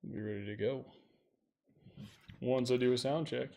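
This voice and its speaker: A man hosting a live stream, chatting loosely to himself and his viewers as he sets up, then pitching hard to them. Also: fairly even intonation, measured pace, gravelly, darkish tone. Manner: loose, profane, talks to himself while setting up; punchy hype pitch to viewers. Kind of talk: casual live stream setup chat.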